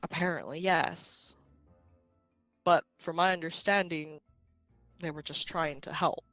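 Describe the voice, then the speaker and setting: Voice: medium pitch, fairly even intonation, a little slow, a bit bright, no echo, faint music behind. Wry-voiced tabletop player. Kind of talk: casual chat in a tabletop game.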